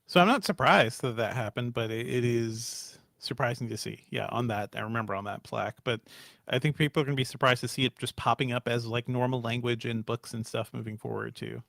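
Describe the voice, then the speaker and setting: A man co-hosting a podcast in casual chat, explaining things in a relaxed way with fillers. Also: mid-range voice, brisk, gravelly, no room sound, studio quality. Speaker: podcast co-host.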